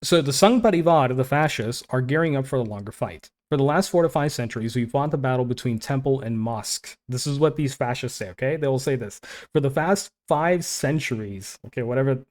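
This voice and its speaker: A man talks through a topic in loose, heated commentary, dropping in "man" and "dude" as he goes. His voice sits at an ordinary middle pitch, and the delivery stays conversational and passionate. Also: brisk, few pauses, a little mellow. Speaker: online Christian commentator. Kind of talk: casual commentary, reading quotes aloud.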